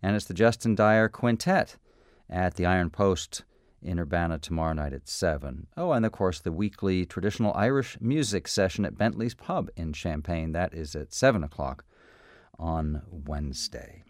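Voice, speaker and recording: A man hosting a local radio show, reading upcoming live events in a relaxed way with frequent fillers. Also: low voice, moderate pace, dry recording, studio quality. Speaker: radio host. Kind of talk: community radio announcements.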